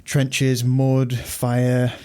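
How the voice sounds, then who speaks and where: A man's voice: mid-range voice, monotone, very slow, mellow, clean tone. Young Lancashire man chatting. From Lancashire, England. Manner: chatty, reads quotes aloud with relish. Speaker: podcast co-host. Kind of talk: casual chat.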